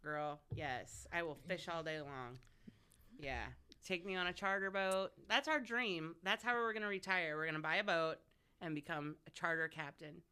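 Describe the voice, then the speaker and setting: A woman's voice: on the low side, normal speed, smooth. A woman in her forties, a radio host as a guest, chatting casually and telling frank, profane stories with frequent laughs. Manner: lively storyteller, frank and profane, laughs often. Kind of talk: casual chat.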